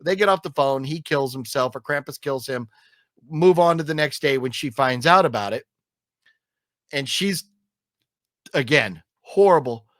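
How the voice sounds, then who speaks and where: A man hosting a casual movie review, talking in an animated, profane way and acting out scenes in mocking voices. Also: mid-range voice, moderate pace, long pauses, no echo, studio quality. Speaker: film reviewer, podcast host.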